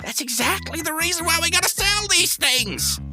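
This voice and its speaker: A high-voiced woman trades sarcastic, mock-pompous lines in an improvised comedy sketch. She co-hosts a podcast, and music plays clearly underneath her. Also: lively intonation, moderate pace. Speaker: podcast co-host.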